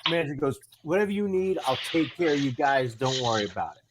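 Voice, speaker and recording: A comedian from Rhode Island telling a long story in casual chat, acting out both sides of the conversation. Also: male voice, mid-range voice, animated, fast, background noise. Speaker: comedian guest.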